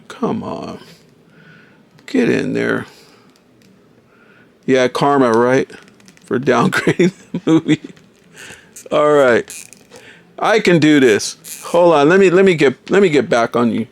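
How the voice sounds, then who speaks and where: A man's voice: mid-range voice, animated, takes it slowly, creaky, long pauses, no room sound. A man casually reviewing a toy figure, enthusiastic and often calling viewers folks.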